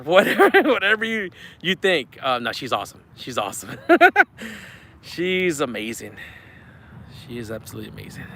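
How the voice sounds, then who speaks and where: Excitable man on a fishing livestream. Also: on the high side. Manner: chatty, excitable, thankful. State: out of breath. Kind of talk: live-stream chat reading super chats. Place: outdoors at a riverbank.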